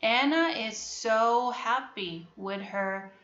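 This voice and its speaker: A woman with a Korean accent, a native Korean speaker, teaching an English phonics lesson to a class, repeating words slowly and checking that students understand. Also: on the high side, fairly bright tone. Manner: repetitive, drills words and asks if students understand. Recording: echoey classroom, dull lo-fi sound.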